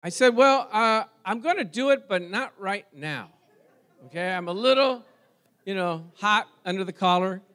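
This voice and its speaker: A man preaching a sermon, telling a personal story to his congregation in an animated way and talking directly to them. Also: high voice, moderate pace.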